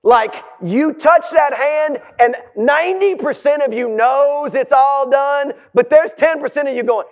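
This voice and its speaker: High-voiced man preaching a dramatic sermon. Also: moderate pace. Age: 40s. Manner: dramatic storytelling, swinging from hushed to shouting; stammering restarts when excited. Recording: dull lo-fi sound.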